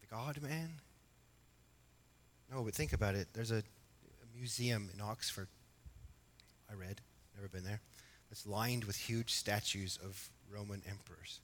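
A man preaching an expository sermon, emphatic at times and quiet at others, asking his congregation questions. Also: fairly low pitch, unhurried, slight background noise. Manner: emphatic, rising to loud exhortation, then quiet and reflective. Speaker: pastor.

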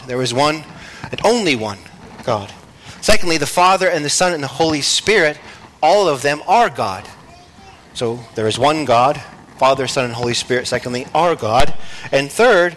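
A man preaching a teaching sermon as pastor, speaking in measured phrases with frequent pauses and restarts. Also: on the high side, fairly bright tone, low-quality recording.

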